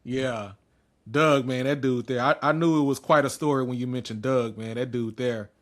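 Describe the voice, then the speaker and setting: A man's voice: mid-range voice, steady tone, moderate pace. Man, forties, podcast host, laid-back, slangy, casual chat.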